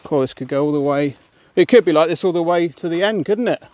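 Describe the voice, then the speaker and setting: A chatty man narrates his countryside walk to the camera, muttering asides and little exclamations as he goes. His voice sits a touch high for a man, and at times he is out of breath from climbing. The sound is caught outdoors on a handheld camera. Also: quick pace, darkish tone, slight background noise. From England. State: panting while climbing a muddy hill. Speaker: walking vlogger. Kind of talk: casual walking commentary to camera. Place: outdoors on muddy woodland footpath.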